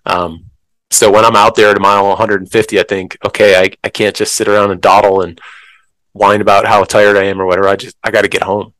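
A middle-aged man talking candidly in a casual interview, reflective and thoughtful, with frequent pauses and ums. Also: fairly low pitch, level tone, a bit bright, no room sound, poor audio. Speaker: guest, math professor and bikepacker.

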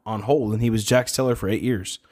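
A man's voice: fairly low pitch, brisk. An American man chatting casually on a podcast, laughing often and telling stories with lots of energy. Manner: laughs often, animated storytelling. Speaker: podcast co-host. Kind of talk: casual chat.

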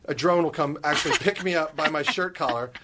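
A man's voice: on the high side, fairly quick, background noise. A man co-hosting a casual podcast chat, acting out the people in his stories. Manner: animated storytelling, acts out people he quotes. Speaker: podcast co-host, actor.

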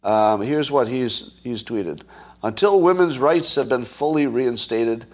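A man's voice: animated, a little slow. A man hosting a solo commentary show, arguing his point in a conversational way and putting questions to his audience. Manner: wide swings in pitch and loudness.

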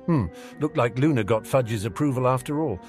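A man's voice: mid-range voice, normal speed, a little mellow, soft background music, voice pushed up, natural voice. Man voicing a cheeky, wry teenage wizard. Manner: sardonic, breezy.

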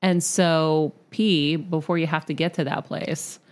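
A woman with a low-pitched voice chats on a podcast. She is middle-aged and tells her stories candidly and casually, with animated moments. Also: a little slow. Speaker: podcast host.

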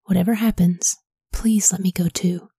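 A woman's voice: on the low side, fairly even intonation, moderate pace, dark tone, breathy edge, no echo, studio quality. A woman reading the lines of an eager young male messenger who pleads to carry news, mostly in a whisper. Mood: pleading. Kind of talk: whispered role-play.

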